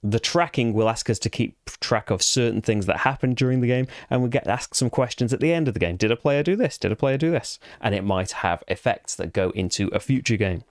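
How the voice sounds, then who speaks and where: A man's voice: lowish voice, brisk, few pauses, no echo, clean studio sound. Chatty man explaining board game rules. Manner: chatty, rambling, with frequent fillers and restarts. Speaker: board game channel host.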